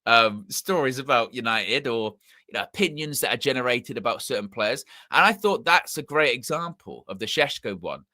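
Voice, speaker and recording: With a bright, forceful mid-range voice and a mixed English accent, a football channel host chats casually on a live fan stream. He rambles, repeating himself as he fixes his wording, and the studio sound is clean with no echo.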